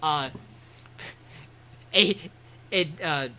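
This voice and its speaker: A man's voice: fairly high pitch, very slow, bright, forceful tone, clear, resonant tone. A man co-hosting a podcast, recapping an episode in a rambling, swearing, casual way. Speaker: podcast co-host.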